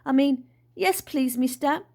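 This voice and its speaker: A woman voicing an excitable, dreamy dad who believes he is a birdman, talking in an eager, breathless way. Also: unhurried, vocal fry. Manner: eager, breathless, high and loud.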